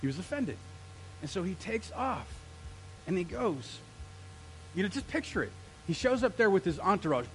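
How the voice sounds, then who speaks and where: A male pastor preaching an energetic sermon, throwing questions out to the congregation. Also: high-pitched, normal speed, pauses often, slight background noise, poor audio.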